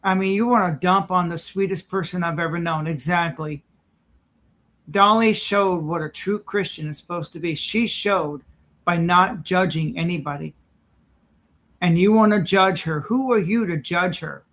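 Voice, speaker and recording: A man's voice: high-pitched, normal speed, a bit bright. A man reacting to a video clip, indignant and sarcastic, preaching as he comments.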